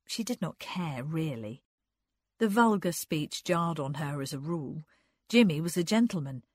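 A woman narrating a novel in a measured, even reading. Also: deep voice, no room sound, studio quality. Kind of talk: scripted narration, audiobook.

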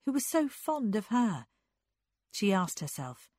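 Slow, expressive woman narrating a story. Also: medium pitch, no echo, studio quality. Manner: unhurried, expressive. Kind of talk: literary audiobook narration.

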